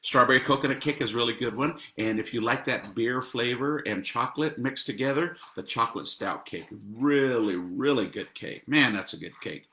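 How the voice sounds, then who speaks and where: A man's voice: medium pitch, moderate pace, hardly any pauses, pushed and bright, echoey room. A middle-aged man who owns a restaurant, chatting casually about the menu and cracking jokes at his own puns. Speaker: restaurant owner promoting the menu. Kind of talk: casual chat.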